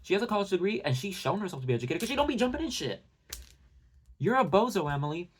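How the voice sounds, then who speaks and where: A young man delivering a heated, profane, sarcastic rant to his viewers, talking in fast bursts with many fillers. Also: sits high, big pitch swings, slight background noise. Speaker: commentary channel host.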